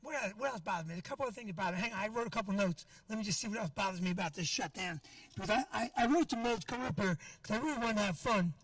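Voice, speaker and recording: A man's voice: high voice, very fast, a bit bright, no room sound, recorded from a distance. A middle-aged man doing a stand-up set, ranting in a brash, profane way at the crowd. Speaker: stand-up comedian.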